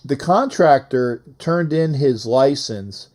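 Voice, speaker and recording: A man's voice: mid-range voice, lively intonation, takes it slowly, a little mellow. A man hosting a casual live call-in sports show, rambling and repetitive as he reads out phone numbers.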